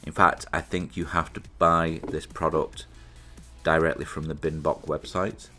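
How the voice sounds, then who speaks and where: A British man with an unusually deep, low-pitched voice talks through a gadget unboxing in a loose, chatty way. He thinks aloud and pokes fun at himself. Quiet music plays faintly underneath. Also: flat delivery, unhurried. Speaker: reviewer presenting an unboxing. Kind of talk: casual product demonstration.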